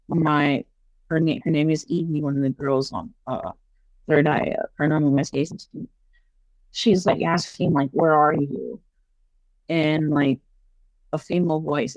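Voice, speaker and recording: A woman guest on a podcast, casually telling paranormal stories in a chatty, animated way full of fillers. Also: low-pitched, dry recording. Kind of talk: casual storytelling interview.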